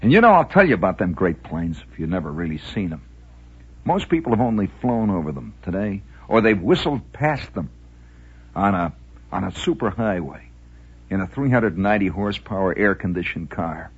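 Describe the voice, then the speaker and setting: A man's voice: low-pitched, big pitch swings, moderate pace, breathy edge. A man hosting a rambling late-night radio monologue, theatrical and mock-grand, talking around a cigar in his mouth. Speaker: radio host. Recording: dull lo-fi old radio recording with faint music.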